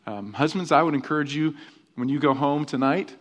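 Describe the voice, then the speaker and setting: A middle-aged man preaching a conversational sermon as pastor, animated and often tagging his points with rhetorical questions. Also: a little high, fairly quick, muffled recording.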